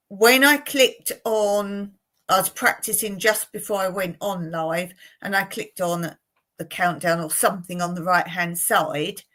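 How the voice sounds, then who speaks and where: A chatty woman vlogging from her home, speaking at a middling pitch. She rambles casually, breaking into frequent laughs. Her tone is homely and conversational. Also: sharp tone. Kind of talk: casual chat to camera. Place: at home indoors.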